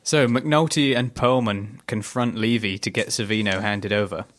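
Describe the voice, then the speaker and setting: A man's voice: lowish voice, fairly even intonation, normal speed, a bit bright. A young man co-hosting a casual TV recap podcast, thoughtful and hesitant with many fillers. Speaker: podcast co-host.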